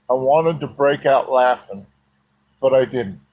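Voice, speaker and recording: A man's voice: mid-range voice, measured pace, a little mellow, low-quality recording. A man telling a personal story in a folksy, plain-spoken way.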